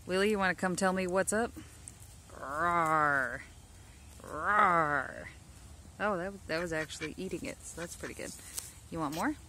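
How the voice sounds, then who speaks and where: Her voice is on the low side and quick, picked up by a handheld phone with slight hiss or hum. Outdoors in her backyard, she films her ducks for a casual vlog, chatting to them in sweet, affectionate baby talk.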